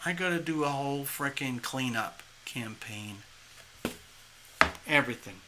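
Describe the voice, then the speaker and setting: A tarot reader giving a live reading, talking in a rambling, animated way, acting out the inner voices they describe and laughing at their own jokes. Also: medium pitch, measured pace, heavy background noise.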